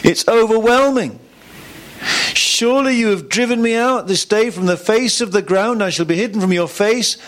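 A man's voice: sits high, moderate pace, a bit bright, voice pushed up. A man preacher voicing a despairing, self-pitying biblical man as he complains, in a sermon.

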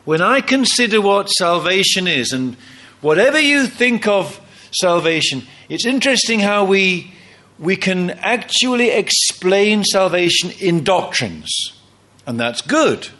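Animated male preacher, lively pitch. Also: measured pace. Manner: animated, emphatic preaching with quoted dialogue. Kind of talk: sermon.

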